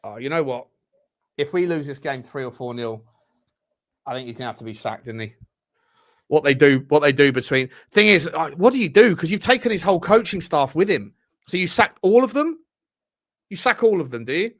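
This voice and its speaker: A man hosting a live football watchalong from his room at home, commenting on the match, swearing and yelling at the players. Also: on the high side, lively intonation, fairly quick. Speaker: football channel host.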